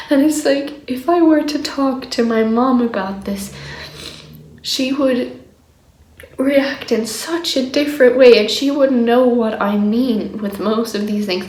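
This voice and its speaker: A woman's voice: sits high, measured pace, a little mellow, a little hiss or hum. A woman recording a personal diary vlog, venting in exasperation about being shut down, sometimes dropping to a whisper. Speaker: diary vlogger. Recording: echoey room.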